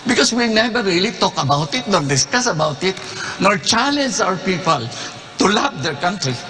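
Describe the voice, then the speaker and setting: A man's voice: sits high, big pitch swings, moderate pace, pushed and bright. Passionate older Filipino man. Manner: earnest, emotional, mixing English and Tagalog. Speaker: interview guest, former government secretary. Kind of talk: passionate interview answers. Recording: hall reverb with faint background noise.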